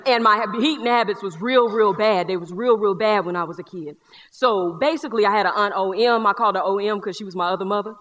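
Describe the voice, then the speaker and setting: A woman's voice: medium pitch, natural voice. A woman in a one-person stage show playing a boisterous young Black man with a Southern accent, who talks in streetwise slang and tells stories with jokes. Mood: nostalgic. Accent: Southern US (North Carolina). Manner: streetwise slang, joking, lively storyteller. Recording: live theater hall reverb.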